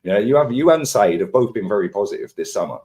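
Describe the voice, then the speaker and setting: A young man hosts a football chat, firing off teasing banter at a rapid clip. His voice sits low and he laughs easily between quick jabs. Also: animated, mellow. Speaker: show host. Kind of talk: casual football debate.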